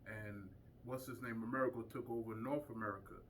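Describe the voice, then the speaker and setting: A man's voice: medium pitch, fairly even intonation, fairly quick, fairly bright tone, recorded from a distance, a little hiss or hum, low-quality recording. A man giving an informal lecture to a small group, emphatic and full of rhetorical questions. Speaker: community speaker teaching a group.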